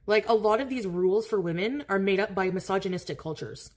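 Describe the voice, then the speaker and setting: A woman's voice: mid-range voice, fairly quick, darkish tone. A woman ranting on a livestream clip, blunt and defiant.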